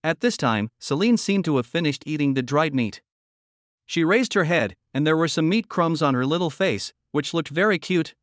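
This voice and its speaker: A man narrating a scripted comic recap with a steady, even delivery. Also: a little high, normal speed, no echo, clean studio sound.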